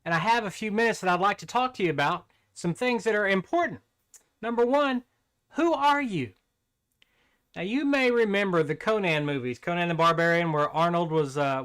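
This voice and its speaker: An older man giving a casual devotional talk, relaxed and conversational, often restarting his sentences. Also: sits high, smooth. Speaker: Christian devotional speaker.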